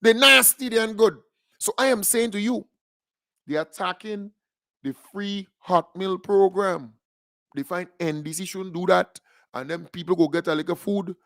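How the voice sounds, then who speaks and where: A man's voice: sits high, normal speed, gravelly, a bit bright, no echo, studio quality. A man with a Grenadian accent delivering political radio commentary as a fiery, mocking and combative rant.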